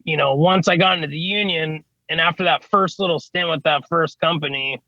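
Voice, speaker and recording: A man's voice: fairly high pitch, brisk, bright, forceful tone, no echo, muffled recording. A man, an HVAC service tech, telling stories casually in an interview, rambling with lots of "you know what I mean" and casual swearing. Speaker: HVAC service technician, podcast guest.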